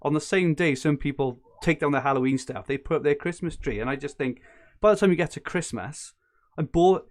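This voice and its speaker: A man's voice: on the high side, brisk. A man hosting a podcast, chatty and laughing easily. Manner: chatty, laughing often, with frequent restarts. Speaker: podcast host. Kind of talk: casual chat.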